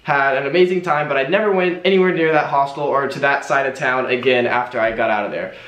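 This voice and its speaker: A young man telling a travel story to camera in an animated storytime vlog. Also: mid-range voice, fast talker. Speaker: travel vlogger. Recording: roomy echo.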